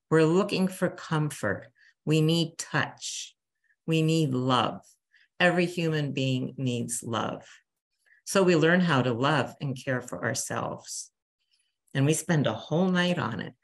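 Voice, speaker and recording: An older woman, a bereavement counselor, giving a chatty talk to a church grief group and acting out little quotes. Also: low-pitched. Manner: warm, chatty teacher, acts out quotes.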